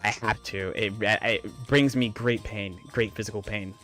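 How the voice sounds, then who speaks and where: Male streamer, running commentary on his own play, frustrated and profane, game music clearly audible underneath. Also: fairly low pitch, steady tone, measured pace, fairly bright tone. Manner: frustrated, swearing, talks to opponent. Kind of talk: live gameplay commentary.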